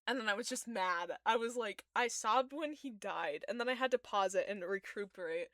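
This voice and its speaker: A woman's voice: mid-range voice, moderate pace, a bit bright, no echo, clean studio sound. A young woman chatting casually while she draws fan art, emotional and gushing, groaning and squealing. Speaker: streamer drawing fan art. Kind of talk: casual chat while drawing.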